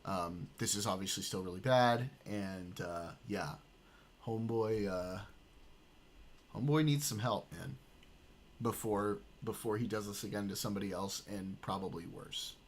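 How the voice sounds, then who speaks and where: Blunt, swearing male streamer, low voice. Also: measured pace. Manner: blunt, swears often, reads messages aloud. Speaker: streamer reacting to a video. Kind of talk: casual reaction commentary.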